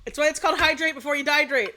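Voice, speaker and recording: A young adult woman streaming from home as a VTuber, telling a story in a casual, animated rant full of swearing and sudden outbursts. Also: high-pitched.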